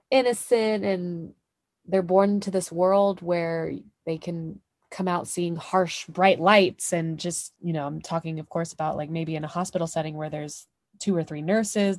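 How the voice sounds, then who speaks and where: A woman hosting a podcast, talking in a relaxed way with many "you know" fillers. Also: lowish voice, unhurried, no echo. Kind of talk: casual interview chat. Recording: dry close sound.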